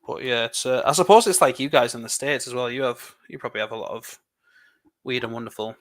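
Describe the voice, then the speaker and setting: A man's voice: mid-range voice, fairly bright tone. A man from England with an English accent, chatting and rambling casually while building LEGO on a livestream. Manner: chatty, rambling, quick laughs. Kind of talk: casual chat.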